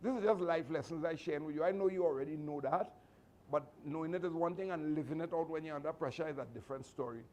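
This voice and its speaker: A man's voice: on the high side, fast talker, darkish tone. A man, a martial arts instructor giving a motivational speech to his students, earnest and repetitive with many restarts. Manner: fatherly advice giving.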